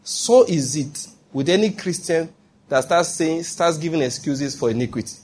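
A man preaching a sermon as pastor, animated, acting out quoted voices and checking in with the congregation. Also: a little high, normal speed.

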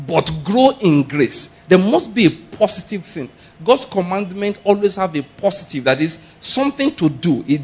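Male preacher, high husky voice, animated sermon delivery, lo-fi sound. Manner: animated, laughing, shouting exclamations, rhetorical questions. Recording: dull lo-fi sound.

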